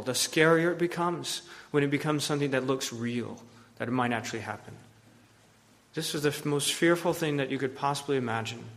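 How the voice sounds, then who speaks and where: Male preacher, earnest, loud peaks and hushed drops, higher-pitched voice, echoing hall sound. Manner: earnest, swings between loud emphasis and hushed low phrases. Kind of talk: sermon. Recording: long hall reverb.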